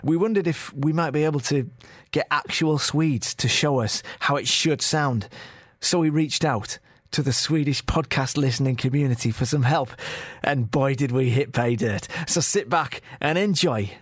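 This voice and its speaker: A man's voice: fairly high pitch, normal speed, dry recording. A man co-hosting a podcast, introducing a bonus segment in a wry, storytelling way. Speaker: podcast co-host.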